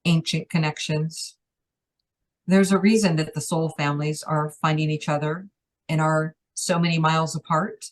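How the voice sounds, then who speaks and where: A woman's voice: low voice, level tone, normal speed. Woman channeling a playful collective voice. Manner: speaks as a collective "we", playful and teasing. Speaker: trance channel. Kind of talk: channeled spiritual message.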